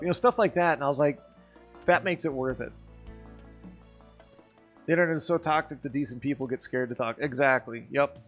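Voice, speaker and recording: A man's voice: on the high side, a little fast, soft background music. A man streaming and telling a rambling, profane story over a few drinks, getting worked up as he goes. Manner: rambling, profane, animated when riled. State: drinking, tipsy. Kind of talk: casual storytelling chat.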